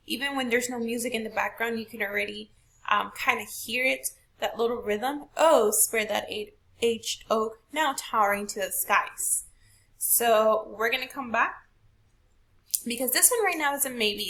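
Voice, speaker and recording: A woman's voice: fairly high pitch, sharp tone. A woman teacher walking a class through a poetry question, patient and step by step, asking rhetorical questions. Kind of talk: recorded classroom lesson.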